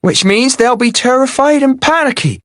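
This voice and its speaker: A scrawny, big-nosed captive voiced by a man who squeals his fears in a thin, high, strained voice, far above his usual register. He sounds cornered and desperate, and his delivery is dry and close. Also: lively intonation, normal speed, a bit bright, no room sound. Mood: fearful. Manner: high, panicky and pleading.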